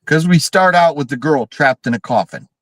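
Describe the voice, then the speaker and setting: A man chatting on a horror movie livestream, voice sitting a bit high and swinging wildly up and down. He swears freely and launches into shrieking impressions of characters. The sound is dry, with no room around it. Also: normal speed, dry recording, poor audio. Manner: animated, swearing, mimics characters with big shrieks. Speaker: podcast co-host reviewing horror films. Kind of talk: casual livestream chat.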